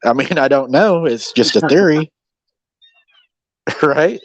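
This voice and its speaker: A man hosting a podcast in casual conversation, musing out loud and acting out quoted lines as he speculates. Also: a little high, takes it slowly, long pauses, dry recording. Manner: speculative, acts out quoted dialogue. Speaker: podcast host.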